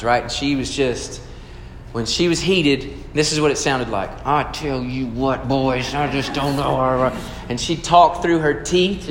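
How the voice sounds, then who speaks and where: A man's voice: medium pitch, a bit bright, slight background noise. A pastor preaching a sermon in an earnest, conversational way, asking his listeners questions. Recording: echoey hall with long reverb.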